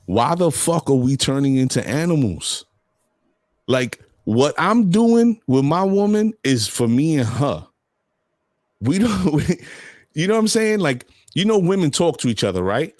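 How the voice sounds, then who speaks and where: Blunt, animated male podcast host. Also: a little high, a little slow, dry recording, studio quality. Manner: blunt, animated storytelling with profanity. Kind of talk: casual chat.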